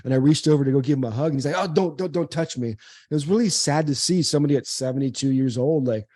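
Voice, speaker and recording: An earnest American man in his forties, a former pro baseball player who now speaks publicly, tells a personal story as an interview guest. His mid-range voice is fast and dark in tone, and he repeats words and acts out the dialogue he quotes. The recording is dry.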